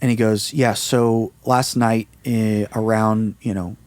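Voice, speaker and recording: A man's voice: on the low side, takes it slowly, no room sound. A man telling a personal story in a casual interview, acting out the voices of the people in it. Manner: animated storyteller, acts out quoted voices. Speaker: musician interview guest.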